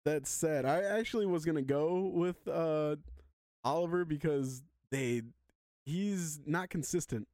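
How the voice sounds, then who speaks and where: A man steering a relaxed podcast conversation, quick to laugh. His voice sits slightly high and the sound is dry and close. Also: no room sound. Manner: laughs often, leads the questions. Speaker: podcast co-host. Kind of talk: casual chat.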